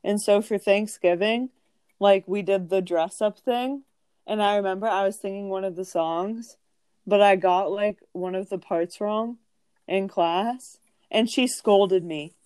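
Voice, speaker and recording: A woman's voice: mid-range voice, measured pace, a little mellow, clean tone, no room sound. A young woman in casual chat, telling stories with lots of fillers. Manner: chatty storytelling with many fillers.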